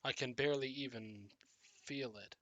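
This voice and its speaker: A bewildered zombie man, as a man puts him on speaks low and flat, almost monotone, lost and unsure of what he has become. The voice stays thin and bright, recorded dry and close for a tabletop game. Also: moderate pace, no room sound, dull audio, lightly acted. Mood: confused. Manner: quiet near-monotone. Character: dazed male zombie, hollow and confused.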